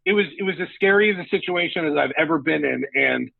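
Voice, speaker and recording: A man around forty tells a personal story with candid, emotional storytelling and the odd curse. His voice is gravelly and husky, sitting a little high for a man. It comes through a dry, tinny, phone-like remote line. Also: fast talker, no room sound. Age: 40s. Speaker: sports radio host, podcast guest. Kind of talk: casual podcast storytelling. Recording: phone-like, lo-fi call audio.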